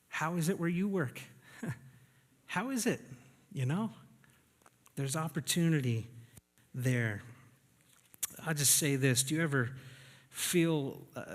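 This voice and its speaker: A man preaching a sermon from Canada, talking in a conversational, self-deprecating storytelling way with easy laughs. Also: on the high side. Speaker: pastor. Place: church sanctuary. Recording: long reverb of a church hall.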